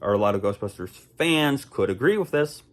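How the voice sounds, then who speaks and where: A man's voice: fairly low pitch, animated, a little fast. Chatty young man rambling about films. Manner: chatty, rambling, many fillers and restarts. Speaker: vlogger. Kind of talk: casual talk to camera.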